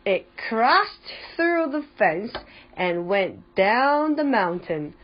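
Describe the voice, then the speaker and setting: A woman reading a children's storybook aloud in a slow, carefully paced, expressive way. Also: mid-range voice. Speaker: storybook reader. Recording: dull lo-fi recording.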